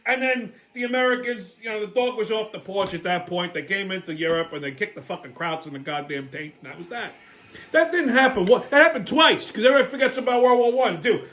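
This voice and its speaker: A man's voice: very high voice, fairly bright tone. A man hosting his own show with a profane, sarcastic comedic political rant. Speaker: host.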